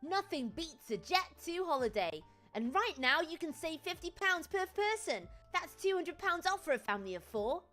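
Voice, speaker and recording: A woman voicing an over-excited female radio ad announcer in a gushing, super stoked sales pitch. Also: normal speed, faint music behind, full character voice. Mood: thrilled.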